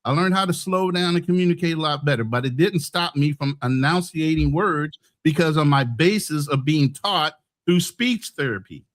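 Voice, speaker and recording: A man's voice: a little high, moderate pace, few pauses. An American man hosting a heated casual debate, blunt and profane, talking over others. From United States.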